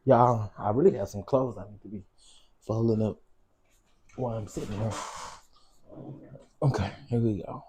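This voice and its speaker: Sassy, husky man chatting live. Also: fairly low pitch, moderate pace, long pauses, warm tone. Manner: sassy, teasing, laughing asides. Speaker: livestream host. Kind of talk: casual live commentary.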